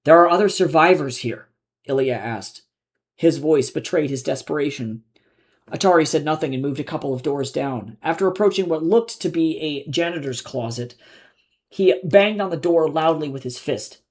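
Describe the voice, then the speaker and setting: A man, the author, reading his own novel aloud live in measured, low-key narration. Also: a little mellow.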